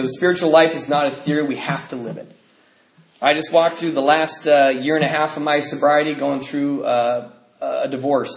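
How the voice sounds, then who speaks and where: A middle-aged man telling his personal recovery story at a meeting, emotional and swinging from loud to quiet. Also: medium pitch. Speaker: speaker sharing at a recovery meeting. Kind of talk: personal testimony talk. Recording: echoey room.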